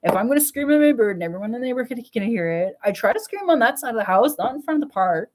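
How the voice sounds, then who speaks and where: A woman's voice: fairly high pitch, very animated, racing, a little mellow. A middle-aged woman from Canada venting in a casual, blunt monologue, swearing often and laughing between words. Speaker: vlogger.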